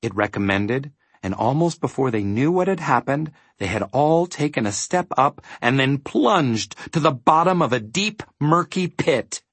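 A man narrating a storybook with an expressive reading. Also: medium pitch, unhurried, hardly any pauses, dry recording.

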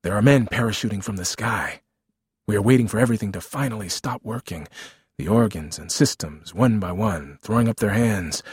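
A man's voice: on the low side, brisk, husky, no room sound, studio quality. A man reading a memoir aloud as narrator, with a wry, vivid storytelling manner.

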